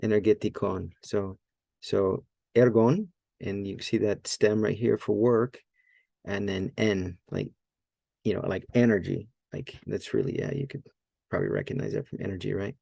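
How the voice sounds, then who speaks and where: A man's voice: on the low side, expressive, moderate pace, gravelly, mellow, no echo. A man teaching a Greek grammar lesson in a casual, think-aloud way, often correcting himself and using many fillers. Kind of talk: casual screen-share lesson.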